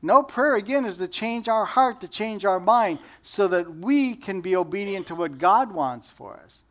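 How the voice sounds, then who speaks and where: High-voiced man preaching casually. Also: lively intonation, normal speed. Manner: conversational, joking, asks the audience questions. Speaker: pastor. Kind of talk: sermon.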